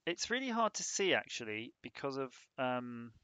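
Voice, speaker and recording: A man's voice: mid-range voice, very animated, moderate pace, pushed and bright, clear, resonant tone, no room sound. A man on a casual live stream, rambling and joking while he thinks aloud about a hardware design.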